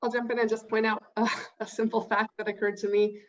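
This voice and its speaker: Female coach, mid-pitched, muffled lo-fi sound, easygoing chatty delivery. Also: fast talker. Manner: relaxed, adds points with fillers. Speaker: running coach, podcast guest. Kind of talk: casual podcast discussion. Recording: dull lo-fi sound.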